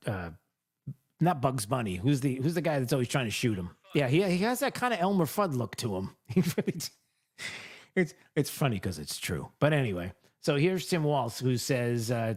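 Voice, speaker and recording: Sarcastic, animated male commentator. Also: medium pitch, normal speed. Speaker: commentary show host. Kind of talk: political commentary.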